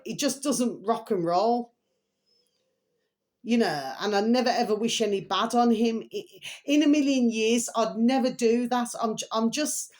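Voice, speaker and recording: A woman's voice: medium pitch, moderate pace, a little mellow. A middle-aged woman rambling in a casual, emotional monologue to her viewers, full of repeated pet phrases. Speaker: vlogger.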